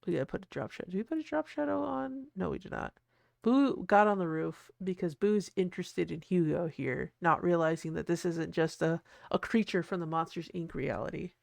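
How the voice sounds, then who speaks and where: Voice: mid-range voice, moderate pace, gravelly, no room sound, studio quality. A host in casual, rambling commentary while designing, often cutting themselves off and laughing.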